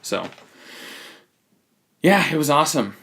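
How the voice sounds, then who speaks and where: A man's voice: on the high side, big pitch swings, takes it slowly, creaky, fairly bright tone. A man hosting a casual movie review podcast, giving blunt opinions and often restarting his sentences. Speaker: podcast host.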